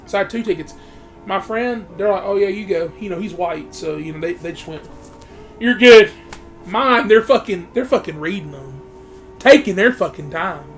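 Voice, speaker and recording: A man's voice: sits high, lively intonation, normal speed, fairly bright tone, faint music behind. A man reviewing a movie in a heated, profane rant, talking straight to his viewers. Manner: heated, swears heavily, talks straight to viewers. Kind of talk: profane ranting monologue.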